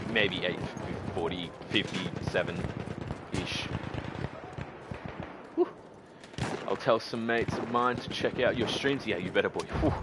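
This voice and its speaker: An Australian man chatting excitably while streaming a shooter game, swinging from loud outbursts to low muttering. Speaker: gaming streamer. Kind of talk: live gameplay commentary. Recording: gunfire and battle noise behind.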